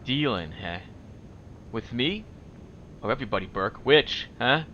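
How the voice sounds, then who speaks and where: A man's voice: medium pitch, expressive, a little slow, pushed and bright, dull audio, a little hiss or hum. Man voicing a shifty grimy corpse trader. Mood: suspicious. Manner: clipped, tacks on "huh". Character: filthy, wheezing, suspicious male corpse trader.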